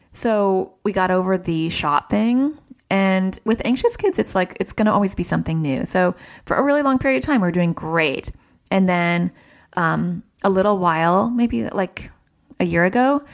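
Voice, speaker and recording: A woman in her thirties, a child therapist, giving parenting advice in a chatty, animated way. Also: on the low side. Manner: chatty, animated when quoting family. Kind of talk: casual advice talk.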